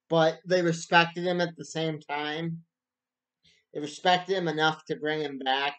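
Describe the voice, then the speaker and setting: Slow, rambling man reviewing a book. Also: fairly high pitch. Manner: rambling, stop-start with many restarts. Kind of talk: casual solo review.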